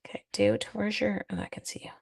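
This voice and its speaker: In a gravelly, husky voice of medium pitch, level in tone and fairly quick, a sleep-deprived middle-aged woman chats with live viewers. She's hosting a craft video and talks while she works.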